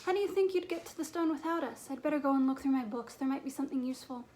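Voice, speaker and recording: A clever schoolgirl witch , voiced by a woman reading aloud, talks briskly and earnestly. Her voice is high. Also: darkish tone, natural voice.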